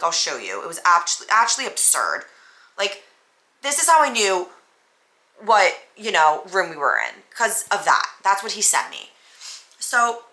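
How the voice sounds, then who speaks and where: A woman podcast host telling a personal story in a casual, animated way, full of "like" and "um". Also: on the low side. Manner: animated, frequent "like" and "um" fillers. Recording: echoey room.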